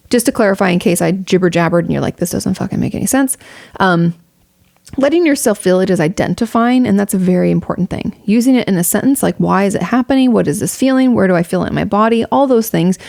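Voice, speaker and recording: Recorded in studio quality with no room sound, a young woman streams and responds to a viewer with candid, offhand advice. She swears openly and wanders, full of fillers and false starts, in a mid-range, creaky voice with a darkish tone.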